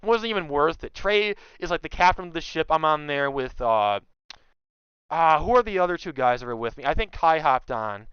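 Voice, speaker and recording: Young man retelling a story, lively. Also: a little high, normal speed, smooth, no room sound, lo-fi sound. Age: young adult. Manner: animated, acts out quotes loudly. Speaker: guest. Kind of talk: casual storytelling chat.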